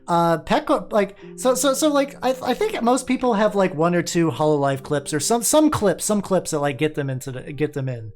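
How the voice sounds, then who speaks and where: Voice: mid-range voice, lively intonation. A VTuber streamer chatting casually while painting, rambling, restarting sentences and trailing off into mumbles. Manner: quick restarts and repeated words. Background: faint music playing.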